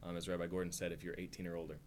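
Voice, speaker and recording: Male study-class teacher, lowish voice, chatty, animated quotes, faint noise underneath. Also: very fast. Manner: conversational, acts out quotes with rising voice, frequent "right?". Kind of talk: informal religious teaching.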